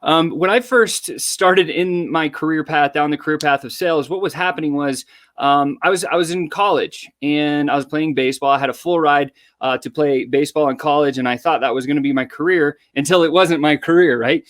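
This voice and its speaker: A man in his thirties, a guest entrepreneur, telling animated stories in a casual interview. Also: a little high, brisk. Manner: energetic, animated storyteller acting out dialogue.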